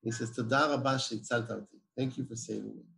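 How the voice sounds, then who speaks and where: A man's voice: mid-range voice, fairly even intonation, quick pace, gravelly, a bit bright, a little hiss or hum. A man, a guest telling a personal story emphatically and acting out the dialogue. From Israel. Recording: roomy echo.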